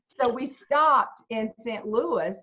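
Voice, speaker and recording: Speaking slowly in a fairly high voice, a middle-aged Southern woman from South Carolina spins folksy, animated comic tales as a video chat guest. She's a humorist, and the call comes through muffled and lo-fi.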